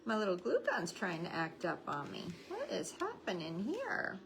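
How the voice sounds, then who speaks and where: A woman's voice: mid-range voice, huge pitch swings, normal speed, gravelly, low-quality recording. A middle-aged woman hosting a live craft tutorial, chatting and greeting viewers by name while keeping her voice down so a baby can sleep. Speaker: craft livestream host.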